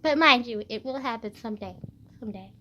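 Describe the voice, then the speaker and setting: A woman's voice: a little high, fast, sharp tone, slight background noise. A teenage girl vlogging while congested with phlegm, retelling her school day in a dramatic rant full of swearing. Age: teens. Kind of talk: casual rant.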